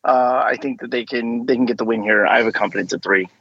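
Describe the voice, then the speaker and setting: A man on a casual sports prediction podcast, giving relaxed, reasoned picks. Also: mid-range voice, fast, dry recording, dull audio. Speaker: panelist.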